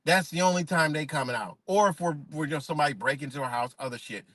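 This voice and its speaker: Speaking a little high and fast, this man has a slightly bright voice recorded with no echo. He's a livestreamer firing off rhetorical questions in a heated, profane, unscripted rant.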